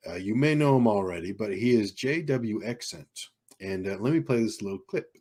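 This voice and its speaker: A man's voice: fairly low pitch, expressive, normal speed, darkish tone, husky. A man hosting a casual livestream from a home desk microphone, rambling with lots of ums and uhs. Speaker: livestream host. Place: home streaming setup in California. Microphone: desk microphone with keyboard behind it.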